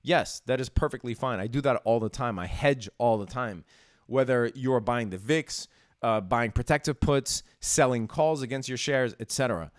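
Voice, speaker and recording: Talking at normal speed in a medium-pitched voice, a stock market live-streamer keeps things emphatic and casual, saying "dude" and "right?" a lot. The sound is clean studio audio with no room sound.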